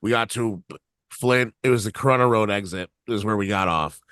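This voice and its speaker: A man's voice: fairly low pitch, normal speed, fairly bright tone, smooth, no echo, studio quality. A man co-hosting a podcast, telling a long, rambling, profane story and laughing along as he goes. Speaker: podcast co-host. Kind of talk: casual anecdote telling.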